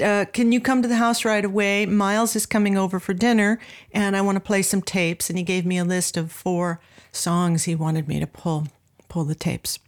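A woman in her sixties tells a story in an interview with a plain, mid-pitched voice. She brings it to life by acting out the voices of the people in it. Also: a little mellow. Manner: vivid storyteller who acts out quoted voices. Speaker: guest, music producer and professor.

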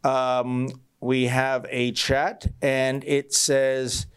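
A man's voice: medium pitch, monotone, very slow, clean tone. A man hosting a live stream, reading viewer chats aloud with wry jokes and theatrical emphasis. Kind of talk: casual live-stream talk.

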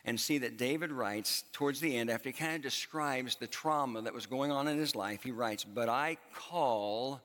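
A man's voice: medium pitch, fairly quick, hardly any pauses, bright, forceful tone. A man preaching a sermon from a church stage in a conversational way, repeating phrases for emphasis. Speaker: pastor. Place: church auditorium with long reverb. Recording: reverberant hall.

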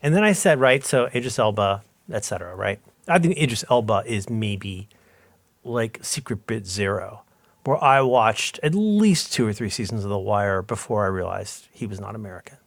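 A man co-hosting a podcast in casual chat, telling stories with quick asides and animated energy. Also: fairly low pitch, gravelly, dry recording. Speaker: podcast co-host.

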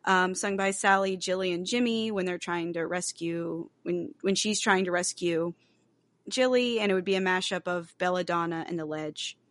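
A woman's voice: fairly low pitch, moderate pace, a bit bright, no echo. A woman co-hosting a podcast in casual chat, talking freely with lots of fillers and the odd swear. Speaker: podcast co-host. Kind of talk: casual chat about a film.

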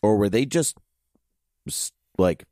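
A man's voice: on the low side, lively intonation, slow pace, mellow, no room sound, clean studio sound. A man co-hosting a podcast in a casual chat, rambling and leaning heavily on "you know" as he thinks aloud. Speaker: podcast co-host.

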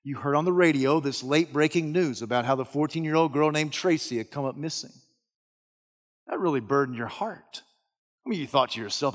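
A man preaching a sermon, telling a story in the second person and swinging from hushed tones to shouting. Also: a little high, brisk, big-room sound. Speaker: pastor.

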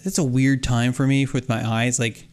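A man's voice: mid-range voice, flat delivery, normal speed, smooth. Rambling man telling a story. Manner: rambling storyteller, many restarts and acted-out quotes. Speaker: podcast co-host. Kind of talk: casual chat.

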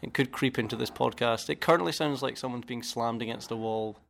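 A man's voice: mid-range voice, fairly quick, vocal fry, fairly bright tone, slight background noise. A young Scottish man co-hosting a podcast in casual chat, rambling and often laughing at himself. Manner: giggly, rambling, self-mocking. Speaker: podcast co-host.

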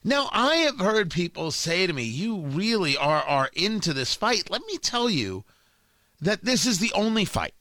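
A man's voice: sits high, sing-song, measured pace, sharp tone, dry recording. A man hosting a political commentary show, delivering an emphatic, combative opinion monologue full of rhetorical questions.

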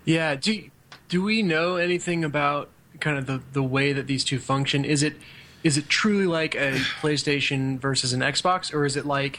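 A man's voice: on the high side, moderate pace, pushed and bright, a little hiss or hum. A man co-hosting a podcast in casual chat, tossing in wry, joking asides. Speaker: podcast co-host.

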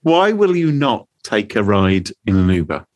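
A man's voice: on the low side, big pitch swings, a little slow. A man with an English accent co-hosting a podcast in casual, playful chat. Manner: playful, bouncy and teasing. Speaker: podcast co-host.

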